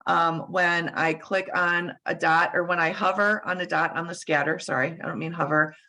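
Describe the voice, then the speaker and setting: A woman presenting at a user group, giving a screen-share software demo over a video call. She is losing her voice and talks haltingly, with many fillers and restarts. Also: on the low side, fairly even intonation, poor audio.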